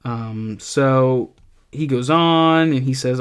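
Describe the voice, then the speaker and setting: Slow-talking literature teacher. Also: male voice, medium pitch, clean tone. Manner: thoughtful, gently conversational, with frequent ums. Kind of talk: literature lesson with read-aloud excerpts.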